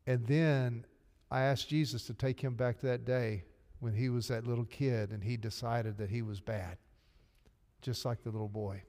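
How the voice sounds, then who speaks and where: A male pastor delivers a sermon with earnest, emotional sincerity. His voice sits at an everyday middle pitch. The recording carries the long, lingering reverb of a church sanctuary. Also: fairly even intonation, moderate pace, a little mellow. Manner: earnest, emotional storytelling preacher.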